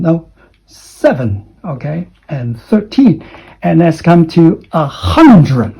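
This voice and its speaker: A man teaching English pronunciation. He repeats letters and sounds over and over, swings his pitch up and down to show stress, and keeps checking in with "okay?". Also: sing-song, slow pace, warm tone, husky, poor audio. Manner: drills sounds by repeating them, with exaggerated rising and falling pitch; frequent "okay?" and "you know" check-ins. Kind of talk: pronunciation lesson.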